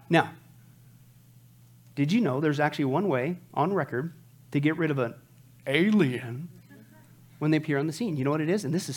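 Emphatic high-voiced male preacher. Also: a little mellow. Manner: emphatic, asks rhetorical questions. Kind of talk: sermon.

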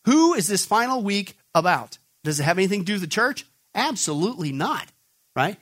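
A man preaching a sermon, asking the audience rhetorical questions and hammering his points with emphasis. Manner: emphatic, rhetorical questions, animated pitch swings.

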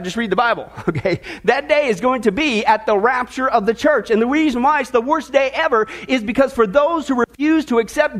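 A man preaching a sermon, opening with a chatty, playful story told to his congregation. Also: very high voice. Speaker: pastor.

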